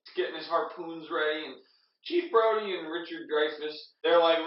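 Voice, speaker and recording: A man's voice: a little high, normal speed, a little hiss or hum. A drunk man retelling a film as a comedy bit, rambling and swearing, with lots of filler words. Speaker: storyteller. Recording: echoey room, distant mic, dull sound.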